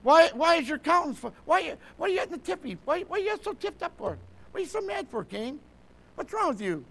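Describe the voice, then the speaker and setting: Man putting on God as a stern, high, bright scolder firing off questions. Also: very animated, fairly quick, creaky, full character voice. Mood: scolding.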